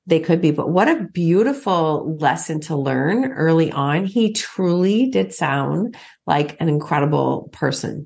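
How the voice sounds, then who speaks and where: A woman's voice: deep voice, creaky, darkish tone. A woman hosting a podcast interview, enthusiastic and affirming toward her guest. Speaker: podcast host. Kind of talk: casual interview.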